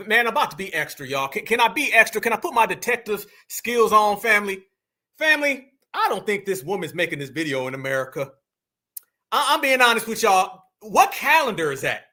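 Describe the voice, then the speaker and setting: A man with a high, bright, forceful voice hosts a casual livestream, speaking fairly quickly and very animatedly. Reacting to a clip, he mocks and teases his audience in a joking way, talking straight to chat.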